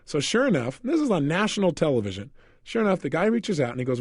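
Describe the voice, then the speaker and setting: A man who is a motivational speaker, telling stories in an animated way in a self-help audio program. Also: fairly high pitch, fast, breathy edge, dry recording, studio quality. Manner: animated storytelling, laughs often.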